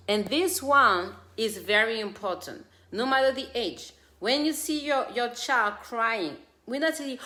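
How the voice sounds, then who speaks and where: A woman's voice: fairly high pitch, lively intonation, unhurried, few pauses, bright, forceful tone. A woman who hosts a parenting show, giving earnest, direct advice to parents and mixing in her own stories. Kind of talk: casual advice talk. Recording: echoey room.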